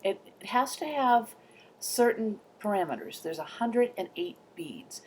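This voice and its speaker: A woman's voice: mid-range voice, lively intonation, measured pace, a little mellow, slight background noise. A middle-aged woman vlogging in casual chat, rambling with many fillers and dropping into whispered asides.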